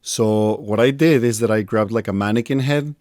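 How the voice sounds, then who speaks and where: A man hosting a podcast, telling animated anecdotes and laughing at himself in casual conversation. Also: lowish voice, normal speed, no echo, clean studio sound. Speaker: podcast host.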